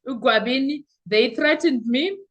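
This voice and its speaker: A woman hosts her own podcast with a high, bright-sounding voice. She talks slowly and deliberately, with lots of exclamations and local words. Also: muffled recording. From South Africa. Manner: animated, exclaiming, mixing in isiXhosa/Zulu words. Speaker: podcast host. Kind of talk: casual commentary.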